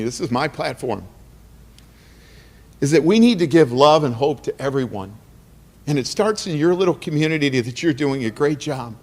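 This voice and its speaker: A man's voice: on the high side, animated, normal speed. A man speaking as guest speaker at an awards dinner, earnest and emotional, with a preacher-like cadence and repeated phrases. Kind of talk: emotional motivational speech. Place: banquet hall. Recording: long hall reverb.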